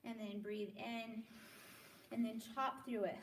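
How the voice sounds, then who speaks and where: A woman leading a group wellness class, explaining calmly and encouraging people to join the exercises. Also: on the high side, measured pace, very noisy. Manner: encouraging, demonstrates loud shouts. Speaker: workshop leader. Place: room with a group. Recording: echoey room, from far off.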